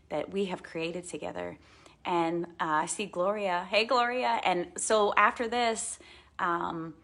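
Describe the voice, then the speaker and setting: A woman talks to her live viewers with a husky, breathy voice pitched a little low. She gushes and repeats herself, then turns slow and soft when she recounts a meditation. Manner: gushing and heartfelt, repeats words. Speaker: live video host sharing personal experiences. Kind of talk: casual live-stream monologue.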